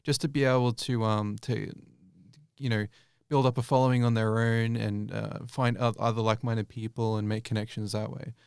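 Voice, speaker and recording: A man's voice: lowish voice, level tone, moderate pace, creaky, a little mellow, clear, resonant tone, no room sound, clean studio sound. A young man answering interview questions casually, rambling with many fillers and restarts. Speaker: YouTube creator guest.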